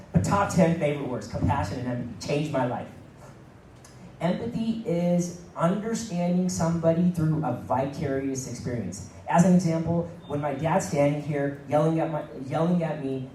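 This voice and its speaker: A man's voice: a little high, dark tone, slight background noise. A middle-aged man giving a motivational keynote talk, repeating phrases for emphasis and acting out quoted dialogue. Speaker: keynote speaker. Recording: echoey room, mic at a distance.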